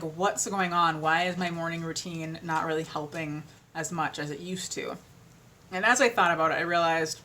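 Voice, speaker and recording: A woman's voice: on the low side, fairly bright tone. A young adult woman vlogger in casual chat, rambling with fillers and trailing off, sounding tired.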